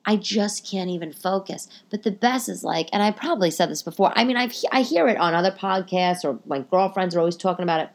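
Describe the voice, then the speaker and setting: A woman's voice: medium pitch, expressive, fairly quick, hardly any pauses. A woman in her thirties hosting a casual solo podcast from home, venting in an exasperated, swearing rant. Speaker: podcast host. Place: home living room.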